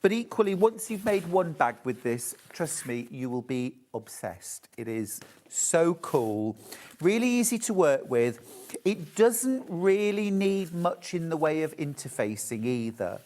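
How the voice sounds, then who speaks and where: A man's voice: on the high side, sing-song, a little slow, a little mellow. A man presenting a live shopping channel show, chatty and gushing as he demonstrates fabrics. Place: TV shopping studio.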